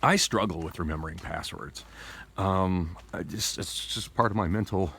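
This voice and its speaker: This vlogger's voice is low-pitched and gravelly yet fairly bright, moving at normal speed, with a little hiss or hum in the phone-camera audio. Talking through tooth pain, he delivers a casual, rambling monologue marked by restarts and digressions.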